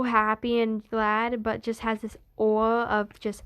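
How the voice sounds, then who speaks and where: A woman's voice: a little high, level tone, a little slow, few pauses, smooth. A woman retelling a fan story in a meandering, casual way, full of restarts.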